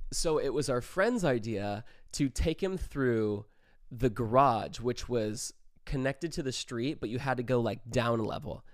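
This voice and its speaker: A young man in his twenties recounts a wild night in a loose storytime voice, tossing in "like" and swear words and laughing along. His pitch sits mid-range for a man. The sound is dry and close, with no room around him. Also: a little mellow, no room sound. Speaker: vlogger telling a story. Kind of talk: casual storytime.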